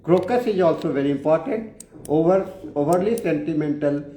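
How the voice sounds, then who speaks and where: A male lecturer explains homeopathic remedies in a halting way, full of fillers and broken-off words. His voice sits a bit high and has a mellow, soft tone. The sound is roomy and echoey. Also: slight background noise. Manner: halting, frequent fillers and restarts. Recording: echoey room.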